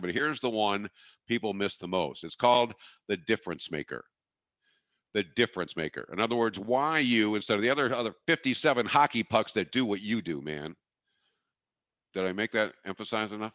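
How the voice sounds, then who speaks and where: A man's voice: on the low side, fairly bright tone, no room sound, highs cut off. A middle-aged man from Wisconsin giving a folksy, jokey, emphatic marketing webinar talk.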